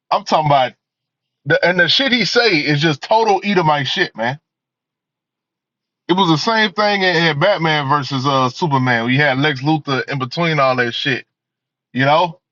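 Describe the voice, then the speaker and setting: A man's voice: high-pitched, fairly bright tone, no echo. A man giving a profane, emphatic rant as a movie reviewer, filling his talk with "man" and "you know.". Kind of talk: ranting commentary. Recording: dull lo-fi audio.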